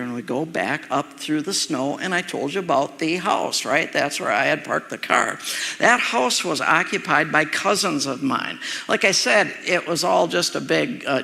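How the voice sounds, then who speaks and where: A pastor in a big hall tells a story with lots of animation, acting out the sounds and voices. His voice is fairly high, gravelly and bright. The long reverb of the room trails after each phrase. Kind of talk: sermon with a personal story.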